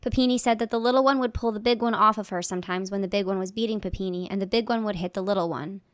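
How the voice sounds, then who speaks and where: A woman reading a legal document aloud in a measured, plain delivery, marking each quotation aloud. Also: mid-range voice, no echo, clean studio sound.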